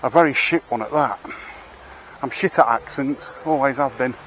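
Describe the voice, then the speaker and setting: A man's voice: mid-range voice, normal speed, a bit bright, slight background noise. Wry rambling Englishman on a street walk. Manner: rambling, wry, swears casually. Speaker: street vlogger. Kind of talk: casual walking commentary. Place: outdoors on town streets.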